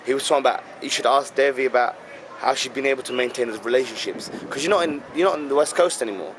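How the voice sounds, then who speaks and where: A man's voice: medium pitch, fast. A British man interviewing a guest in a playful, teasing way, recorded outdoors on a city street. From United Kingdom. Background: loud traffic.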